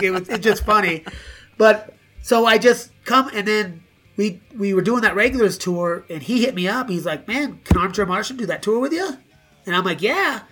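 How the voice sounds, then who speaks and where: Brief: middle-aged man, high bright voice, swears freely, animated raconteur acting out quotes. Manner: profane, animated, acts out quoted dialogue. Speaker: guest musician. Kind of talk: casual storytelling interview.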